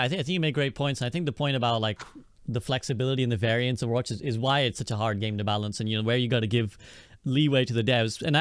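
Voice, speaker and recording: Fast-talking man with a smooth, dry voice. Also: mid-range voice, dry recording. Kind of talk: casual gaming discussion.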